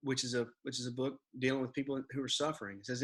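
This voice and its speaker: Earnest husky-voiced male pastor. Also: medium pitch, flat delivery, fast, hardly any pauses, a bit bright. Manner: earnest, reads scripture aloud. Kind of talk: casual church podcast conversation.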